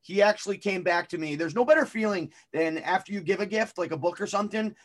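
High-voiced man, rambling co-host. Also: fast talker. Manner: rambling, hesitant, many fillers and restarts. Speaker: podcast co-host. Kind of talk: casual chat.

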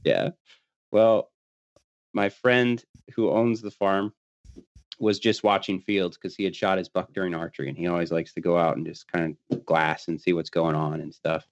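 A man's voice: low-pitched, fairly even intonation, normal speed, dry recording, lo-fi sound. A man telling a long hunting story in a casual way, laughing often and acting out what his friends said.

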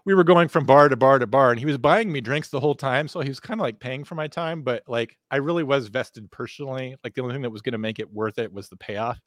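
A man guesting on a podcast, casually telling a rambling, animated anecdote with plenty of swearing. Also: mid-range voice, quick pace, hardly any pauses, dry recording, clean studio sound.

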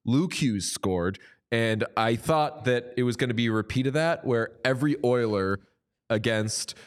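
A man's voice: medium pitch, clear, resonant tone. Wry, rambling male podcast co-host. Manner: wry, rambling, quick to joke. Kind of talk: casual sports chat.

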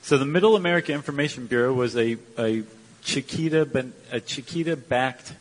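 A man's voice: medium pitch, brisk. A man co-hosting a podcast live on stage, telling a story in a chatty, joking way. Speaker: podcast co-host. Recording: long reverb from a live stage hall.

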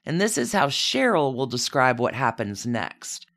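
Chatty storyteller with a lively pitch. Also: measured pace. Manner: chatty, with wry personal asides. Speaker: podcast host. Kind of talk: casual true-crime storytelling.

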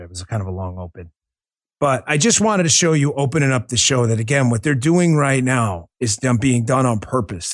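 A man's voice: fairly low pitch, no room sound, clean studio sound. A man hosting a political talk show, speaking bluntly and earnestly and swearing freely. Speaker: podcast host.

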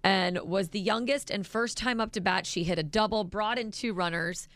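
A woman's voice: medium pitch, normal speed, fairly bright tone, no echo. A woman in her thirties co-hosting a radio morning show, chatty and emotional, reading listener texts aloud. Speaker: radio co-host. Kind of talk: casual morning show chat. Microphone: studio microphone.

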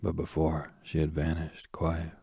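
Slow, deep, husky male reader for an old myth; soft, half-whispered delivery. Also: monotone, no echo. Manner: soft, often dropping to a whisper. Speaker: storyteller. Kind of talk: reading a myth aloud.

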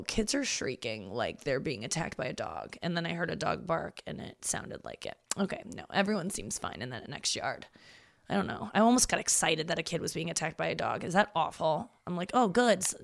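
Woman comedian-host, lowish voice, loose self-mocking monologue, salty language. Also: creaky. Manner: rambling, self-deprecating, swears freely. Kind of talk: casual solo monologue.

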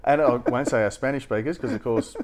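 Wry podcast co-host. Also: male voice, medium pitch, brisk. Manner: wry, joking asides. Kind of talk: casual podcast chat.

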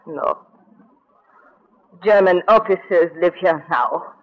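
A woman's voice: fairly low pitch, slow. An actress in a 1940s radio drama playing a cautious woman in occupied Paris, with a guarded manner. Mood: somber. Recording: dull lo-fi 1940s radio broadcast.

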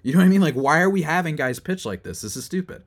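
A young man hosting a solo sports recap, rambling and exasperated, building to loud outbursts. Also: fairly high pitch, animated, fast. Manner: rambling with fillers and restarts. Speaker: sports podcast host.

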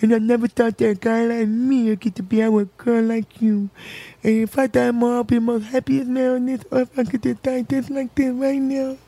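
A woman putting on a tearful, smitten young man, gushing earnest declarations in a slightly raised, gravelly voice. The recording is dry and close. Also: on the high side, level tone, brisk, dark tone, dry recording. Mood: tearful adoring.

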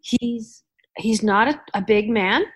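A woman's voice: fairly high pitch, slow, husky. A woman hosting a podcast, chatting casually and rambling with frequent restarts. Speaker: podcast host. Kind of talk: casual chat.

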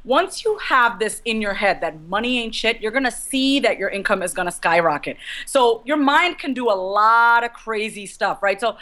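A woman talking candidly as a business coach in a casual advice chat, speaking her mind frankly. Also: fairly high pitch. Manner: fast, candid, animated, addresses the host by name.

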